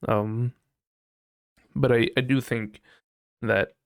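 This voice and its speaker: A man's voice: mid-range voice, steady tone, takes it slowly, dry recording, clean studio sound. A young man hosting a casual solo podcast, rambling and self-mocking as he talks to his chat, sometimes slipping into goofy mock voices. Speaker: podcast host.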